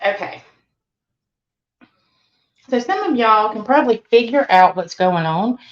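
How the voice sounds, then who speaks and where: Chatty woman, slow drawl. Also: fairly high pitch, animated. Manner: chatty, laughs often, drawn-out greetings. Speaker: live stream host. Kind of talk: casual live-stream chat greeting viewers. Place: laundry room. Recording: dull lo-fi stream audio.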